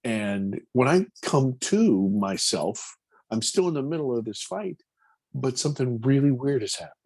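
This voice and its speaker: A man in his fifties, a film producer, earnestly recounting a personal story in an interview, halting and repeating words as he goes. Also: mid-range voice, lively intonation, a little mellow, no echo.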